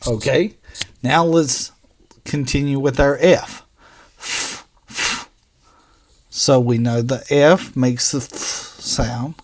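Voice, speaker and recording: A man teaching a phonics lesson for children, sounding out letters slowly and patiently. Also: medium pitch, steady tone. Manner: slow, drawn-out sounding out of letters.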